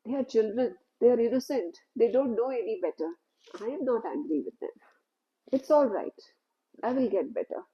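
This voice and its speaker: A woman voicing a gentle, humble male snake who speaks mildly and forgives everyone, in a told story. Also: fairly high pitch, animated, moderate pace, highs cut off, lightly acted. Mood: mild, forgiving. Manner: mild, soft-spoken.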